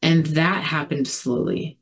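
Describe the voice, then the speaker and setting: A woman's voice: low voice, breathy edge. Earnest woman sharing about recovery. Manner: earnest, reflective, halting with many fillers. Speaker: recovery community speaker. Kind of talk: personal recovery share.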